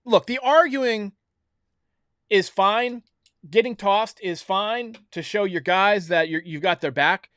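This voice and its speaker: A man's voice: high voice, takes it slowly, fairly bright tone, smooth, no echo, studio quality. A man hosting a baseball recap show, giving blunt, opinionated commentary straight to his viewers. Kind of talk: solo sports recap commentary.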